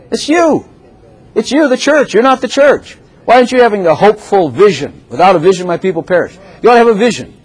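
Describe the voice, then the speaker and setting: A man preaching a sermon as a pastor, animated, with laughing asides and repeated phrases for emphasis. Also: a little high, low-quality recording.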